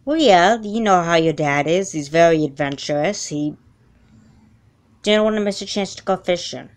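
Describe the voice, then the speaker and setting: A woman voicing a patient, busy mother who speaks calmly and reassuringly in a doll film. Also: lowish voice, moderate pace, lightly acted. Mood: firm. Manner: calm, soothing reassurance.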